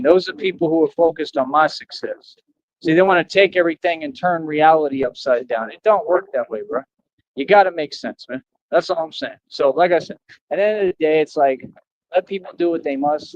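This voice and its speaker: A man's voice: fairly high pitch, a little mellow, no room sound, muffled recording. A man ranting on a livestream, boastful and defiant, falling back on "like I said" again and again.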